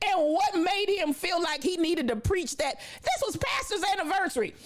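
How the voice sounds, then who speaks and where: A high-voiced woman telling a comic story to her chat, her pitch leaping and swooping from one phrase to the next. She stays animated throughout and breaks into laughter again and again. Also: normal speed. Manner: animated, laughing often, talks back to the chat. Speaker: livestream host.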